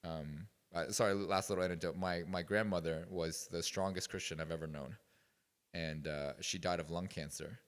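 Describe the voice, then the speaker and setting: A man's voice: low voice, fairly even intonation, normal speed, big-room sound. A man speaking as a guest at a youth retreat, telling stories in a rambling, casual way with many fillers. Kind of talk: casual talk to a youth group. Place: retreat meeting room.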